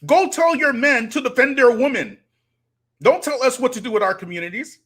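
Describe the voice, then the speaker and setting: A man's voice: very high-pitched, normal speed, a bit bright, slightly rough. A man, hosting a live stream and preaching to his audience with rhetorical challenges. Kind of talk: impassioned live-stream commentary.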